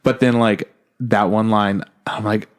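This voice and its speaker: A man's voice: fairly low pitch, steady tone, unhurried. A man co-hosting a podcast in casual chat, talking earnestly and emotionally and swearing often. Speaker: podcast co-host. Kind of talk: casual chat about an anime. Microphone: podcast microphone.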